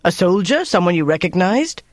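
Give me a man playing a stern German officer who barks commands, voice a bit high, dry recording. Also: big pitch swings, moderate pace, dry recording. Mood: demanding. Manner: barking, commanding.

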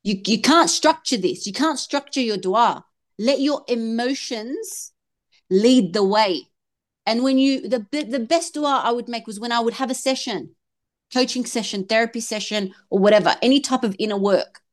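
A woman's voice: fairly high pitch, normal speed. A woman in her thirties, a podcast guest, talking earnestly and with feeling about faith and motherhood. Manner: earnest, animated, switches into quoted voices. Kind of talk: emotional faith and fertility talk.

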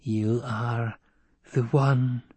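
Brief: male narrator doing a grim desert housekeeper woman, husky, very slow, dry close sound. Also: a little mellow, no echo. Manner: slow, low and muttering. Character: fierce desert housekeeper woman, secretive and devout. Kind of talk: audiobook character voice.

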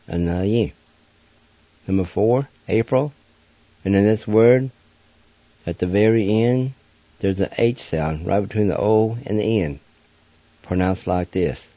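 A man hosting a radio language lesson, spelling out words letter by letter in a slow, deliberate way. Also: low-pitched, animated, mellow, dry recording, lo-fi sound. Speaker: radio show host teaching language.

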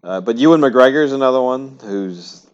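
A man's voice: mid-range voice, animated, normal speed, clear, resonant tone. A man co-hosting a podcast in casual chat, talking emphatically and giving strong opinions. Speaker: podcast co-host. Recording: dull lo-fi sound.

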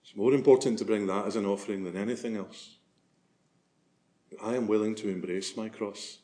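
A man's voice: fairly low pitch, fairly even intonation, normal speed, mellow. A man preaching a sermon as a priest, earnest and swelling to emphasis on key phrases.

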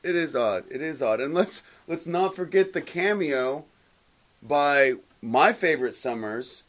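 A man's voice: fairly high pitch, animated, measured pace, fairly bright tone. A man co-hosting a casual comic book chat, retelling scenes animatedly and acting out characters' lines. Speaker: comic book podcast co-host.

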